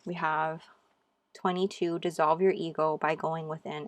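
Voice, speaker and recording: A woman's voice: low voice, flat delivery, measured pace, no room sound. A woman giving a pick-a-card tarot reading to her viewers, gushing and encouraging and calling them "you guys.". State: out of breath. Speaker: tarot reader. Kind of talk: casual tarot reading to camera.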